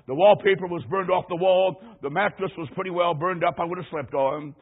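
A high-voiced, husky male preacher delivers an emphatic sermon, spinning a personal story and building to loud peaks. The sound is thin and tinny, like an old radio broadcast. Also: a little fast.

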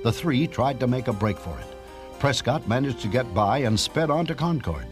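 Male narrator for a cartoon history story, measured, expressive, clear music underneath. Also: medium pitch.

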